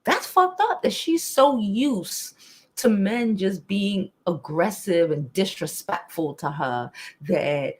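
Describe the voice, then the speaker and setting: A young woman, hosting a casual live stream, talking bluntly and profanely, animated, and reading chat comments aloud. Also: mid-range voice, slow pace.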